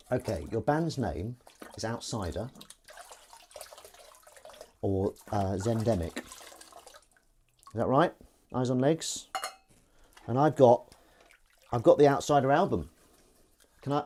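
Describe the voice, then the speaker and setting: A man's voice: medium pitch, dark tone. Guy chatting on a stream over the sink, jokey and rambling, voice swoops up and down, faint noise behind. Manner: rambling, self-mocking banter. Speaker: live streamer. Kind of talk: casual chat while washing up. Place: kitchen at the sink.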